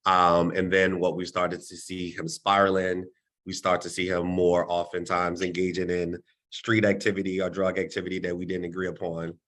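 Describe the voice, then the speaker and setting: A man educator on a webinar panel who speaks hesitantly and in a measured way, with many pauses and fillers. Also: deep voice, completely flat delivery, a bit bright.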